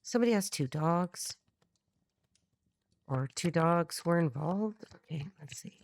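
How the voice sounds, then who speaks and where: A middle-aged woman with a low voice gives a tarot reading, talking bluntly and thinking aloud with lots of restarts. She is recorded close and dry, with little room sound. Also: lively intonation, measured pace, no room sound. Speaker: tarot reader. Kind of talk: channeled tarot reading to camera.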